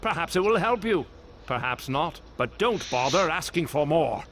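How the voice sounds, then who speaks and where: An actor voicing an aloof, grumpy older village wizard in a video game, dry and condescending. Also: male voice, on the high side, animated, moderate pace, a bit bright, a little hiss or hum. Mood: disdainful.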